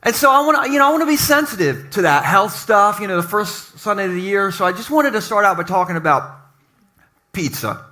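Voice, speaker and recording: A man preaching to his congregation in a lively, joking way, speaking in a church basement. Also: sits high, brisk. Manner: energetic, joking, talks to the congregation. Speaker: pastor. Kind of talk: lively sermon opening.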